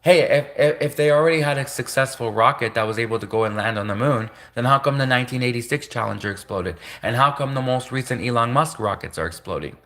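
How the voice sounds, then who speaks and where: A man's voice: mid-range voice, fast, few pauses, sharp tone. A man hosting a live stream, talking in a rambling, repetitive and conspiratorial way, often breaking off to correct himself. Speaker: livestream host.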